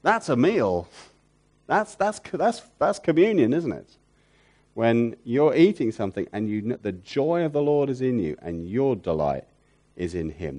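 A man preaching a sermon who repeats key phrases for emphasis, asks rhetorical questions, and moves between loud emphatic peaks and hushed, soft lines. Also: medium pitch, sing-song, measured pace.

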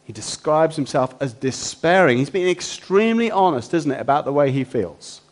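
A man's voice: a little high, lively intonation, moderate pace. Man preaching, full of rhetorical questions. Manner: asks the listeners many rhetorical questions. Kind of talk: sermon.

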